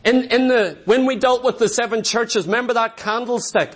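High-voiced man preaching a fervent sermon. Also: normal speed, a bit bright. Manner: impassioned, emphatic, repeats phrases for stress.

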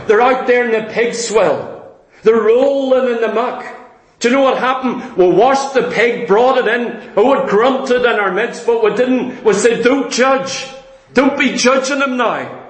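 A man delivers a sermon in a high voice at an unhurried, deliberate pace. He hammers his points through rhetorical questions he answers himself. The sound rings with the echo of a roomy church hall. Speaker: preacher.

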